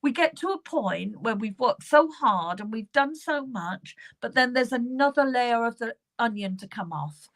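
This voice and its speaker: British woman medium, reassuring, a little high. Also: lively intonation, measured pace, hardly any pauses. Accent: British English. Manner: warm, reassuring, repeats names and phrases while drawing cards. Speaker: psychic medium giving live card readings. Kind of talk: live online reading.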